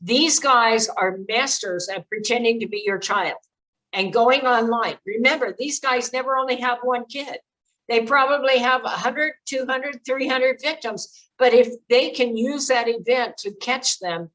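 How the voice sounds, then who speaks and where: A woman's voice: fairly high pitch, unhurried, a bit bright, rough recording. An older woman giving earnest, direct advice to parents in a presentation, with frequent fillers. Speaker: speaker on child exploitation prevention.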